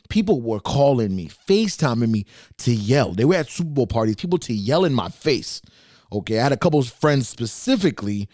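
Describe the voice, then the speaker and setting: A man hosting a casual solo podcast from his bedroom, energetic and swearing constantly. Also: mid-range voice, no room sound, studio quality. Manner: energetic, swears a lot, jumps between hype and mock sadness. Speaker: podcast host.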